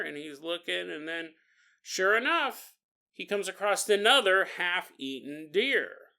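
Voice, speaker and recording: Jokey man with a bright voice. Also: high-pitched, sing-song, unhurried, creaky. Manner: jokey, laughs often, gross-out asides. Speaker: podcast host. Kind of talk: casual storytelling narration.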